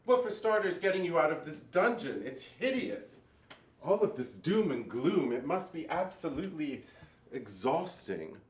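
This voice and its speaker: A man's voice: fairly high pitch, sing-song, measured pace. A man voicing a flamboyant, theatrical male djinn spirit with a grandiose, teasing delivery. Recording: roomy echo.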